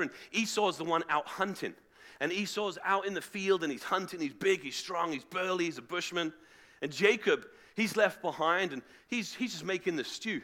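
A man preaching to a live congregation, retelling a story in a casual, animated way and acting out the voices of its characters. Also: fairly high pitch. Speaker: pastor. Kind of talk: sermon storytelling. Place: church hall with live audience, also streamed online.

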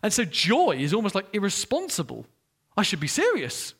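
A man preaching a sermon, animated, dropping to hushed asides and rising to loud exclamations. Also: high-pitched, normal speed, slightly rough.

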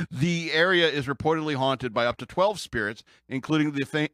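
A man's voice: medium pitch, fairly bright tone, no echo, studio quality. A man with an American accent, chatting casually about the news as a podcast host, rambling and joking, often laughing and restarting his sentences.

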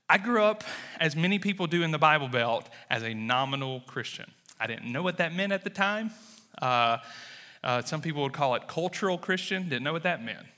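Southern guy in his 30s, mississippi drawl, bright voice, folksy church talk, big echoey sanctuary. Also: medium pitch. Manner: folksy, self-deprecating, many fillers. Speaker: church planter, guest speaker. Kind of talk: sermon with personal testimony. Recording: long reverb of a large hall.

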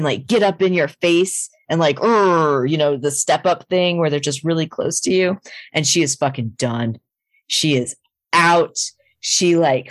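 A woman's voice: low voice, no echo. A woman co-hosting a podcast, telling a story casually and animatedly, with frequent swearing and fillers.

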